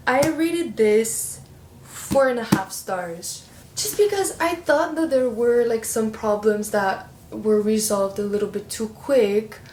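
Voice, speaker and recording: Chatty young woman, echoey room. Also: a little high. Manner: chatty, expressive, playful slang. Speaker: book vlogger. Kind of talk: casual book review chat. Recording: roomy echo with faint background hiss.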